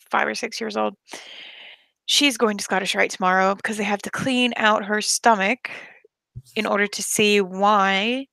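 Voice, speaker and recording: Chatty woman with a gravelly edge. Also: medium pitch, a bit bright, dry recording. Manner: rambling, chatty, lots of fillers. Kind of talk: casual chat.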